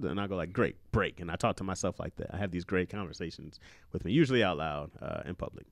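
A man's voice: low voice, fast, no room sound, studio quality. A man in his thirties hosting a podcast, talking loosely and profanely and laughing often. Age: 30s. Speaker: podcast host. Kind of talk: casual podcast chat.

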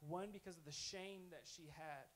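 Higher-voiced male preacher telling a story. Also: moderate pace, rough recording. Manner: conversational, earnest, self-correcting. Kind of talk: sermon storytelling.

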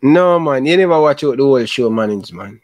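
A man's voice: medium pitch, expressive, fairly quick, a little mellow. A man with a Jamaican accent hosting a football talk show, apologetic and laughing often, repeating "brother". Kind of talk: casual argumentative chat.

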